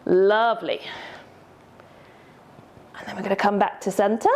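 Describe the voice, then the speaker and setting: A woman's voice: medium pitch, steady tone, normal speed, pauses often, a little mellow. A woman teaching a yoga class, cueing poses step by step in an encouraging way and slightly out of breath.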